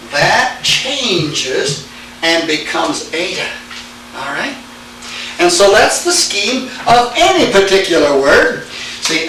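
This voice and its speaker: A man's voice: sits high, bright, forceful tone, slight background noise. A man teaching Greek grammar in a classroom, quizzing students with "all right?" and "now then". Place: church classroom. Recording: echoey room tape from far off.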